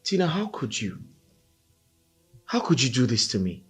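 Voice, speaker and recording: A man's voice: mid-range voice, big pitch swings, moderate pace, faint music behind, natural voice. An actor with a Nigerian accent playing a grieving man who was betrayed by his wife, in a film drama. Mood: bitter.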